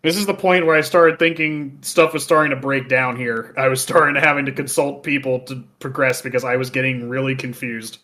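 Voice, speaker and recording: A man's voice: medium pitch, flat delivery, fairly quick, few pauses, bright, forceful tone. A man co-hosting a casual podcast, telling a story with lots of swearing and voiced quotes. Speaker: podcast co-host. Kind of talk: casual chat.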